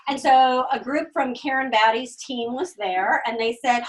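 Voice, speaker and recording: A middle-aged woman with a high voice tells her personal story with lively energy. She acts out the voices of the people she met and laughs often along the way. She sounds a little distant from the microphone. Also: moderate pace. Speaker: direct sales consultant telling her story.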